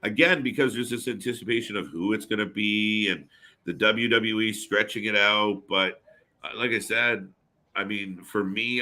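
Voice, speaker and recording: A man co-hosting a live wrestling watch party stream, chatting casually with fillers and quick reactions. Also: lowish voice, pushed and bright.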